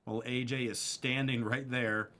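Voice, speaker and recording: A man co-hosting a wrestling after-show, recapping the episode in a lively, laughing chat. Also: medium pitch, normal speed. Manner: animated, laughs often while recapping. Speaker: co-host.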